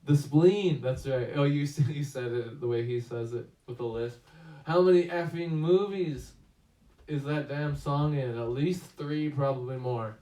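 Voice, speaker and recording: A man's voice: medium pitch, a little mellow. A man hosting a casual movie review chat, rambling with many fillers and restarts. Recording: echoey room, distant mic.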